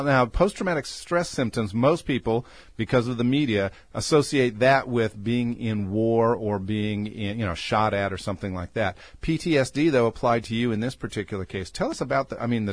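A man's voice: mid-range voice, fairly quick, no echo. A man hosting a radio talk show, reading a formal guest introduction and then interviewing his caller. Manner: reads guest bio formally, then chats.

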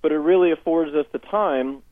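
A man's voice: fairly high pitch, brisk, no room sound. A man with a Southern Californian accent, a life coach telling upbeat client stories as a guest on a radio interview by phone. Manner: upbeat storytelling, quotes clients in dialogue. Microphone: phone headset. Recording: dry tinny phone line.

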